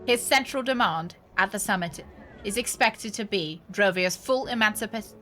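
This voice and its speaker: A woman's voice: medium pitch, a bit bright, soft background music, close to an everyday voice. A woman putting on a formal TV news anchor. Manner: measured, formal newsreading delivery. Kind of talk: reading a scripted news segment aloud.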